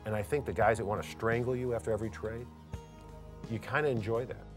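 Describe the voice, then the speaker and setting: A man speaking in a measured, deliberate way in a documentary interview. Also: fairly low pitch, steady tone, soft background music.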